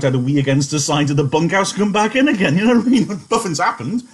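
Husky man, English teacher, chatty and encouraging in an online lesson. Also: on the high side, fast talker, few pauses. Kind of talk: online lesson and reading aloud.

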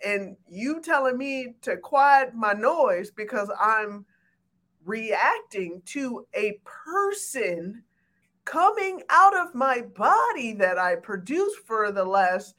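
A woman co-hosting a casual chat, emphatic and outspoken, with slow, drawn-out delivery. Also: fairly high pitch, big pitch swings, sharp tone.

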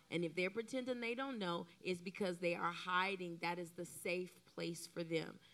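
A middle-aged woman preaching from the pulpit, her voice gravelly and textured. She swings between loud, animated bursts and soft, emotional asides, and acts out the lines she quotes. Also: on the low side. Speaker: co-pastor. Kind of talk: sermon.

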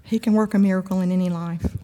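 A woman's voice: mid-range voice, fairly even intonation, quick pace, mellow. A woman giving a conversational, emphatic sermon-style talk at a church event, with humor and frequent asides. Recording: long hall reverb.

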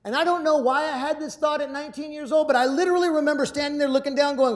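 A man giving a motivational talk to a live audience. He tells a personal story with energy, acts out shouted lines and often repeats his words. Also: extremely high pitch, steady tone, quick pace, hardly any pauses. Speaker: public speaker.

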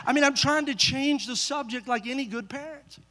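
A male pastor preaching a sermon, telling a family story with lively rhetorical questions to the congregation. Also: extremely high pitch, brisk. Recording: long hall reverb.

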